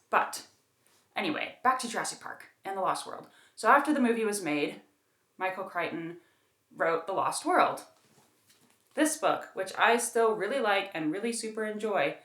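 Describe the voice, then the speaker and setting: A woman's voice: medium pitch, fairly bright tone. A woman reviewing a book in her own room, chatting casually and emphatically with lots of fillers. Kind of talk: casual chat. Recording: roomy echo.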